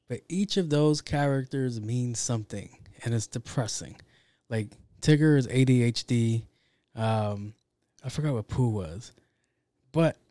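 A man's voice: medium pitch, no room sound, clean studio sound. A young man telling a story from work in a casual, profane, slangy way, acting out what people said. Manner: profane, slangy, animated with acted quotes.

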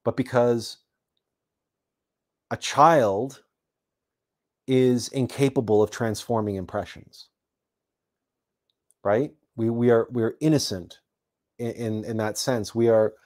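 A man from Canada recounting a childhood story in a reflective talk, halting often and repeating words with many fillers. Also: medium pitch, fairly even intonation, a little mellow. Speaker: host.

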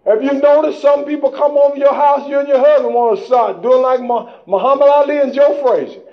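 A man with a strikingly high voice preaches a sermon, fervent and colloquial, firing rhetorical questions at the congregation. The recording is dull and lo-fi. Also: fairly quick.

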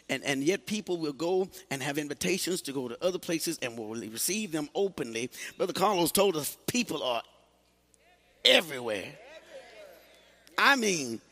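A man's voice: medium pitch, a bit bright. A man, a pastor, chatting with his congregation during a church service and often breaking in with "amen". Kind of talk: sermon and greeting the congregation. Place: church sanctuary.

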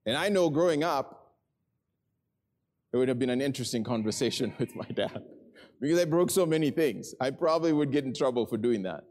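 Earnest middle-aged man preaching. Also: a little high. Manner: earnest storytelling, rising to excitement then softening to quiet prayerful tones. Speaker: pastor. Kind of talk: sermon. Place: church hall with a congregation.

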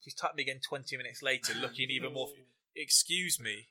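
A man's voice: medium pitch, little pitch movement, very fast, sharp tone. A young English man hosting a podcast, rambling through funny anecdotes and fight picks with a casual, laughing delivery. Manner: rambling anecdotal storyteller, laughs while talking. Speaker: podcast host. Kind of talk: casual chat and fight predictions.

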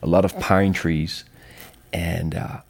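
A middle-aged man from the Netherlands, a sound consultant and educator speaking calmly and thoughtfully in a casual interview. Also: sits low, takes it slowly, creaky.

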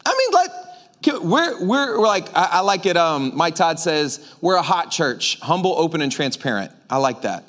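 A man preaches a casual sermon in a church, bantering with his congregation between points. His voice sits high for a man, and he keeps the tone joking and conversational. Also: moderate pace. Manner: joking, conversational, animated preaching with audience asides. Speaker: pastor. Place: church sanctuary.

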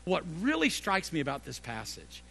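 A middle-aged pastor delivers a sermon in a high, gravelly voice. His pitch leaps and falls widely, from loud emphatic peaks down to hushed, low phrases. He repeats key phrases again and again to drive them home. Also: huge pitch swings, normal speed.

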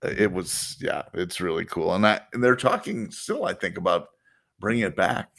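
A man's voice: deep voice, very animated, normal speed, vocal fry, fairly bright tone. A man co-hosting a podcast in casual chat, easygoing and joking with frequent chuckles. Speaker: podcast co-host.

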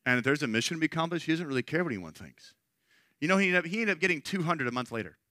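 Middle-aged male pastor, brightish higher voice, dry close sound, chatty sermon storytelling. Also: expressive, rapid-fire, no echo. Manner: conversational storytelling with frequent "right?" asides.

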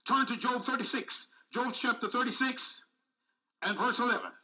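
A man's voice: very high-pitched, pushed and bright, far from the mic, low-quality recording. A man preaching a sermon with speech, repeating phrases and calling out to the congregation. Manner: call-and-response preaching, repetitive, emphatic.

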